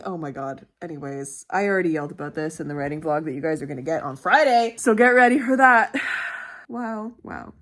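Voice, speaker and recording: A woman chatting casually into her camera at home late at night, her voice sitting at an ordinary middle pitch. She talks freely and loosely, swearing often and breaking into giggles between thoughts. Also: expressive, quick pace, a bit bright. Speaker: author vlogger. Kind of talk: casual vlog chat.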